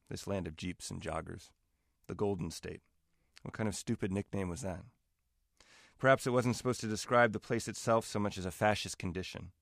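A man, the author, giving a wry, measured reading of his own fiction. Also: lowish voice, no room sound, clean studio sound. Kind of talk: literary reading.

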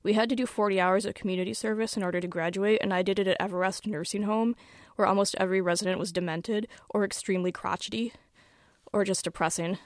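Woman, author reading her own fiction, wry deadpan tone, mid pitch, dry close-miked sound. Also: quick pace, dry recording. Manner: wry, deadpan first-person delivery.

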